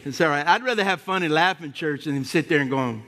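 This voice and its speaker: A middle-aged man preaching an animated sermon as pastor, building to shouts and calling out "come on" to the congregation. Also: a little high, a little fast.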